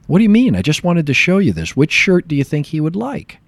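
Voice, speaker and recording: A man's voice: a little high, huge pitch swings, a little fast, no room sound, pitched above the performer's own voice. A man voicing an exasperated wife. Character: exasperated wife, adult woman, defensive.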